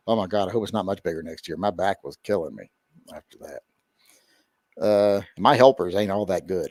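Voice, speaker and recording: A man's voice: medium pitch, darkish tone, dry recording, clean studio sound. A man hosting a casual livestream, reading viewer messages and joking around with lots of filler words. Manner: joking, rambling with many fillers. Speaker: livestream host. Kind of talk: casual livestream chat reading super chats.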